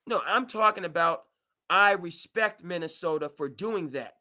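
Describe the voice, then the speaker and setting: Animated high-voiced man debating sports. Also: normal speed. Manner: animated, restarts and stammers often. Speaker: sports show host. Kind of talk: live sports debate chat.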